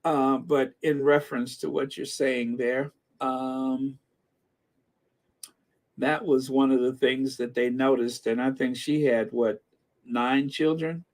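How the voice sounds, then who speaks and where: A man's voice: mid-range voice, fairly even intonation, takes it slowly, darkish tone. A middle-aged man from the American Midwest hosting a casual livestream, reading viewer comments aloud with lots of fillers and laughs. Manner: chatty, laughs often, reads comments aloud with frequent fillers. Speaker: host reading live chat.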